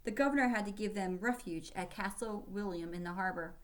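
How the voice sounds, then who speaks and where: A woman's voice: mid-range voice, a little fast, close to an everyday voice. A woman reading aloud, voicing an eager young man passing on urgent news. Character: eager young male patriot.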